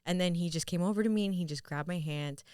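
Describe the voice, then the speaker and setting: A young woman guesting on a podcast, telling a story casually and lively, acting out quotes and swearing freely. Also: fairly low pitch, quick pace, smooth, no echo, studio quality. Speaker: podcast guest, jewelry store owner.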